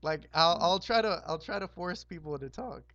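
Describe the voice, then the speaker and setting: A hoarse young man hosting a roleplay game, casually recapping the map in a rambling, laid-back way with lots of fillers. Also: high-pitched, normal speed, fairly bright tone, no room sound, muffled recording. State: hoarse, sore throat.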